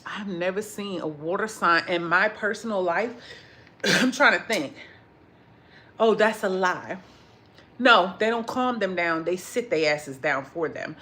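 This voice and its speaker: A vlogger with a lowish voice cooks in her home kitchen while chatting casually with livestream viewers. She tells animated stories, acts out what people said, and curses freely.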